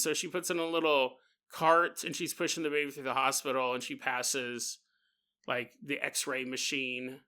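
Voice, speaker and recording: A man hosting a casual, comedic paranormal podcast, animated and jokey with a sing-song delivery. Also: mid-range voice, normal speed, smooth. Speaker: podcast host.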